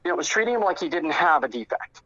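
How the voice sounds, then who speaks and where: A man's voice: a little high, big pitch swings, racing, bright, forceful tone, highs cut off. A man telling stories about an old friend in a casual interview, rambling with many fillers and restarts. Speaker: interview guest, friend recounting memories.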